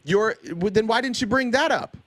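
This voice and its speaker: A man's voice: high voice, moderate pace, fairly bright tone, no room sound. A man in a heated live debate, pressing hard and repeating his questions.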